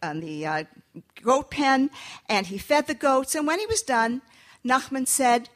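Brief: woman storyteller, animated pitch, slightly high voice, folktale for listeners. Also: measured pace. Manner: lively, animated, inviting listeners to join.

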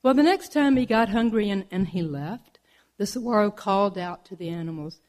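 A woman telling a folk tale aloud in a playful, expressive manner. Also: mid-range voice, normal speed. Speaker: storyteller. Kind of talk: oral folk storytelling.

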